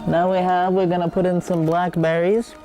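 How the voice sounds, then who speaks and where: A man's voice: sits high, level tone, normal speed, music in the background. A man hosting a comedic cooking show, rambling and digressing with many hesitations.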